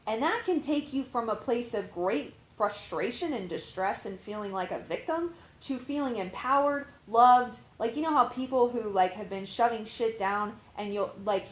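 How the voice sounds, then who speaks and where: A woman's voice: a little high, reverberant, low-quality recording. A woman life coach giving casual, candid advice, rambling and swearing freely with lots of fillers. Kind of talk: casual talking-to-camera advice.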